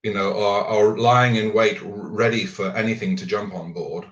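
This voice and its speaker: Here a host leads an informal conversation in a fairly low, evenly inflected voice at a moderate pace. He's halting, with regular restarts and filler words, and the recording is muffled and reverberant from a distant mic.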